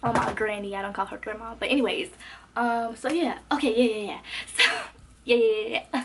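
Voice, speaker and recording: A young woman spins a storytime in a bright, somewhat high voice, lively and full of slang. She jumps into other people's lines as she recounts them. A faint hiss sits under her voice. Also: a little fast. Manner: animated, expressive, slangy, acts out quotes. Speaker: vlogger. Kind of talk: casual storytime.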